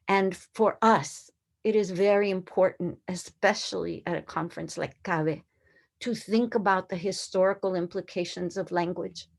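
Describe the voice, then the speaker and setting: A woman in her sixties, whose first language was not English, giving an earnest conference presentation to educators and posing rhetorical questions. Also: medium pitch. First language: a language other than English.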